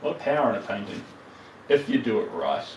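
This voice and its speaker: A man's voice: medium pitch, sing-song, fast, darkish tone, echoey room, distant mic, slight background noise, rough recording. A man with a New Zealand accent chatting playfully with viewers as he paints on a live stream. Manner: chatty, playful, talks to viewers while working.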